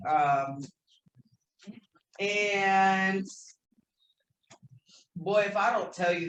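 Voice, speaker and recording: A woman speaking candidly at a recovery convention workshop, emotional and self-deprecating, with some swearing. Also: lowish voice. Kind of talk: personal recovery share. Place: convention meeting room. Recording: echoey room, faint noise.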